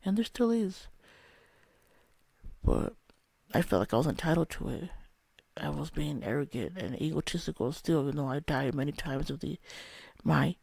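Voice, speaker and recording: A man's voice: on the high side, expressive, normal speed, creaky, pauses often, darkish tone, no echo. A young man telling a candid, rambling personal story about a spiritual experience, swearing often. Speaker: vlogger.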